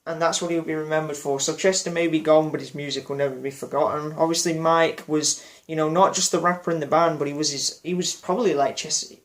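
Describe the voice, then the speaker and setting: A man's voice: a little high, steady tone, quick pace, few pauses. A man giving an unscripted personal reflection for his vlog, rambling and hesitant with many fillers and restarts. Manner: apologetic about memory slips. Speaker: music vlogger.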